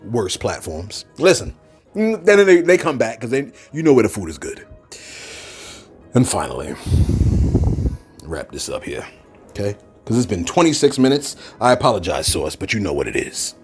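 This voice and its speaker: A man's voice: lowish voice, sing-song, normal speed, breathy edge, faint music behind. A man hosting a casual commentary channel, talking in a loose, slangy, joking way.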